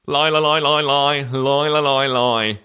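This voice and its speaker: A man's voice: mid-range voice, steady tone, unhurried, sharp tone, clear, resonant tone, voice pushed up. A man putting on a stuttering, posh British king, stalling over repeated syllables in a British accent. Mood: stammering.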